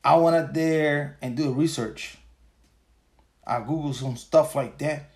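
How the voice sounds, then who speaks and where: A man's voice: a little high, takes it slowly. A man in his forties hosting a solo podcast, ranting casually with crude, profane and rambling talk, tired after a long workday. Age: 40s. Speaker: podcast host.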